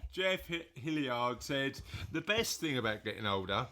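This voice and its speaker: A man hosts a relaxed chat podcast, reading listener replies aloud with a joking, rambling delivery. His voice is bright and forceful at an average pitch. He chuckles through the punchlines and wanders off on asides. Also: normal speed. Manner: jokey, rambling, laughs at his own readings. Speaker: podcast host; father of co-host.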